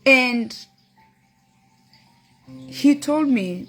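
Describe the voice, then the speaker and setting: Husky-voiced woman sharing life lessons. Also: mid-range voice, expressive, measured pace, soft background music. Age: middle-aged. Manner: earnest, storytelling, quotes her son and a book. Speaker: host. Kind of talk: motivational talk.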